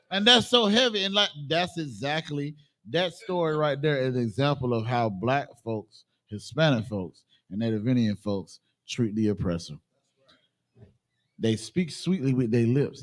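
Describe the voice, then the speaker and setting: A man leading a religious class in an animated, emphatic way. His voice sits a little high for a man. He acts out the people he quotes. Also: moderate pace. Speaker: class leader. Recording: live-streamed group class.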